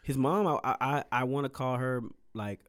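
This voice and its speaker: A man's voice: medium pitch, normal speed, a bit bright, no echo, clean studio sound. A man co-hosting a podcast in casual chat, joking and telling stories with bursts of laughter. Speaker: podcast co-host.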